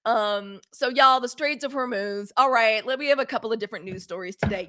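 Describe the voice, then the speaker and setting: A woman's voice: a little high, a little fast, few pauses. Chatty fifty-something Southern woman hosting a live stream. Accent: Southern US, Mississippi. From Mississippi, US. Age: 50s. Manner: chatty, animated, talks straight to her viewers. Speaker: live news show host. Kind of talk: casual live-stream news chat.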